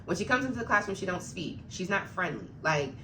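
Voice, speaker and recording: A woman's voice: on the low side, very animated, fairly quick, fairly bright tone, a little hiss or hum. A woman who works as an after-school program supervisor tells a work story straight to camera, getting heated, blunt and swearing freely as she vents.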